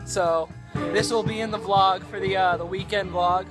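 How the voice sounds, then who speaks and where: Man, high voice, joking vlogger, outdoor pool party, handheld camera, loud live band behind. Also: steady tone, normal speed. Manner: joking, playful interviewer. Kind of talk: casual party vlog. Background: live band music.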